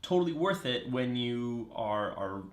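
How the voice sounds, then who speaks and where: A man's voice: mid-range voice, expressive, a little slow. A man co-hosting a live running show, upbeat and chatty, reading viewer comments and talking to the audience. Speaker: co-host. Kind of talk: casual live-stream chat. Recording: roomy echo.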